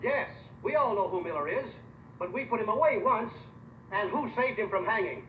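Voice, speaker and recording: A high, grumbling townsman. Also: animated, normal speed, a bit bright. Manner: grumbling, argumentative. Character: complaining townsman at a meeting. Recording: roomy, distant old film sound with hiss.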